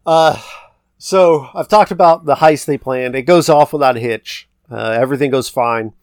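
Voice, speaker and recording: A man's voice: medium pitch, moderate pace, a little mellow, dry recording, studio quality. A man co-hosting a podcast, loosely retelling a film's plot in a rambling, casual way and quoting characters. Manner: rambling, retells scenes with quoted lines. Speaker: podcast co-host. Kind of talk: casual movie recap chat.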